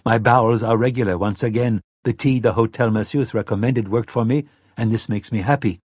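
A man voicing an entranced older male diplomat with a faint Scandinavian accent, speaking slowly and with odd candor in an audiobook. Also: medium pitch, a little mellow, slightly rough, no echo, clean studio sound, lightly acted. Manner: slow, spellbound, oddly candid. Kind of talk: audiobook character voice.

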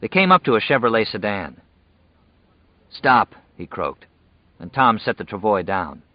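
Low-voiced male audiobook narrator. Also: very animated, normal speed, no room sound. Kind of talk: scripted narration. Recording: dull dry lo-fi audio.

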